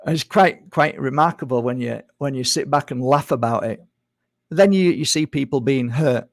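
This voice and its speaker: A man giving a reflective spiritual monologue, talking conversationally, repeating himself and slipping into quick mimicry of others. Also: mid-range voice, vocal fry, no room sound, studio quality. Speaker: spiritual speaker.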